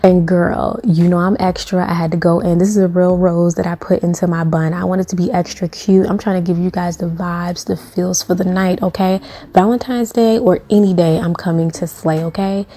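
A woman's voice: lowish voice, steady tone, moderate pace, warm tone. A young woman talking through a hair tutorial in a sassy, playful, chatty way. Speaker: beauty vlogger.

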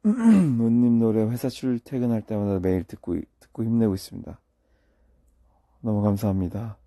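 A man's voice: expressive, very fast, warm tone, dry recording, clean studio sound. A sleepy young man, a singer, chatting casually on a late-night phone livestream while he reads out comments. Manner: low-key, murmured, answers comments in English and Korean.

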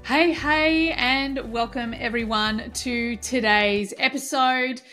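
A woman's voice: fairly high pitch, steady tone, slow, sharp tone, soft background music. Effusive female podcast host. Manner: emotional, effusive, lots of fillers. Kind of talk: casual chat.

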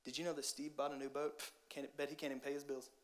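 A man plays a petty, envious gossip. The voice drops low and quiet into a sneering mutter, with scoffing puffs of air. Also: little pitch movement, fast, natural voice. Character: jealous, belittling gossip.

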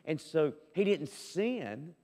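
A man preaching a sermon as pastor, emphatic and swinging between loud and soft. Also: on the high side, big pitch swings, slow pace, in a large hall. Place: church sanctuary.

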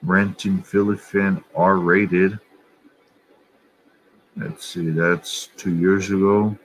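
A man's voice: low-pitched, flat delivery, poor audio. A man vlogger talking casually and bluntly about soccer and other channels, swearing offhandedly. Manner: slow, offhand, blunt and profane. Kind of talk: casual chat.

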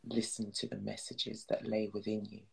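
A man leading a slow, solemn guided prayer and meditation, soothing and at times dropping to a whisper. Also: lowish voice, monotone, gravelly, slightly rough, poor audio. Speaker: spiritual guide.

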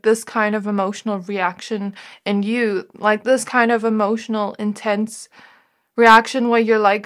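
A woman giving an intuitive tarot reading to her viewers, talking in a gentle, reflective way and often pausing on "like" as she muses. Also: fairly high pitch. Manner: gentle, reflective, musing with frequent "like". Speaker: tarot reader.

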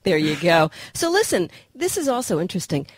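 A woman's voice: fairly low pitch, big pitch swings, fairly quick, breathy edge, dry recording. A woman hosting an interview, asking breezy teasing questions. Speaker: talk show host. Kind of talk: interview chat.

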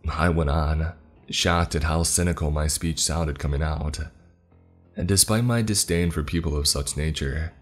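Very deep-voiced man narrating horror. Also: steady tone. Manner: measured, dramatic storytelling. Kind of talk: scripted horror story narration. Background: faint music.

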